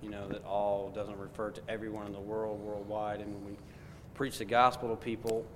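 A man in a Bible class speaking quietly and hesitantly from across the room. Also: fairly low pitch, level tone, fairly quick. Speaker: class member. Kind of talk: sharing in a group discussion. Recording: distant in a reverberant hall with clear noise.

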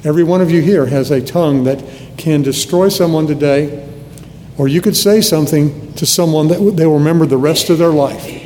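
An older man in his seventies preaches earnestly, his voice mellow and set a little high for a man. The sermon is recorded in a hall with a long, trailing reverb and faint low noise behind it. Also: brisk. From United States (Nebraska). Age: 70s. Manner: earnest, conversational preaching with restarts.

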